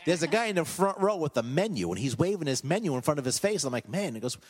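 A hypnotist appearing as a guest on a comedy podcast tells stories casually and with animation, laughing at his own jokes. His voice is fairly high and he talks fast, heard in a large hall.

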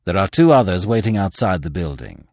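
A man voicing a calm masked male avenger who speaks low, measured and quietly menacing. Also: no room sound, studio quality, full character voice. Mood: calm menace.

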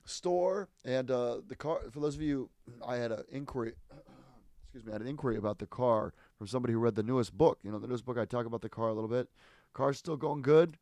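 A man co-hosts a podcast in casual chat, his mid-range voice quick and a bit dark on a dry recording. He tells stories in a rambling, amused way, often restarting and cutting himself off.

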